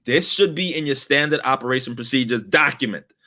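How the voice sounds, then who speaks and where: A man's voice: mid-range voice, a little fast, bright, forceful tone. A middle-aged man who teaches customer service, telling a story in an exasperated, emphatic way with laughter. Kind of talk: animated storytelling lesson.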